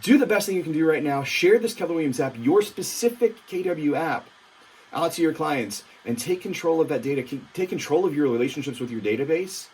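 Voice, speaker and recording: A man's voice: on the high side, animated, brisk, darkish tone, slightly rough. A young man, an upbeat real estate technology trainer, giving an emphatic walkthrough with lots of fillers.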